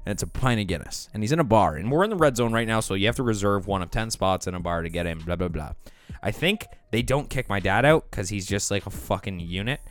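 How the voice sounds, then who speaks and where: A man's voice: lowish voice, expressive, fast. A young man hosting a podcast, telling stories in casual chat, laughing often and swearing freely. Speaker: podcast host.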